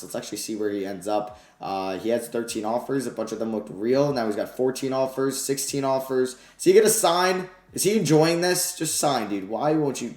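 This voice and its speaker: A man giving casual commentary over his own video game playthrough, excited and shouting at big wins, low and grumbling at losses. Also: reverberant. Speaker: gaming YouTuber.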